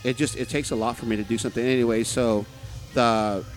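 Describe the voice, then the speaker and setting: A man's voice: mid-range voice, fairly even intonation, a little fast. A man from Texas talks as a podcast guest in a bar. He rambles loosely, full of fillers, restarts and casual swearing. Faint music plays behind him. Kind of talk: casual chat.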